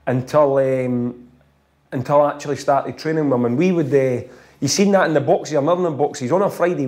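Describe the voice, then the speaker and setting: A man with a Scottish accent, a former footballer telling animated stories in a casual chat, laughing often. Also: on the high side.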